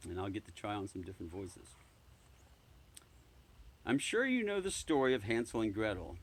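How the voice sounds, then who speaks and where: A man introducing and reading a children's storybook aloud in a relaxed, chatty way with filler words. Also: fairly low pitch, moderate pace, slight background noise.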